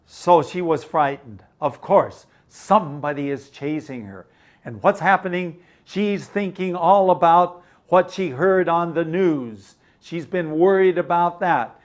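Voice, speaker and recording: An older man teaching English through a story, explaining words slowly and glossing them in Mandarin. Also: on the high side, animated.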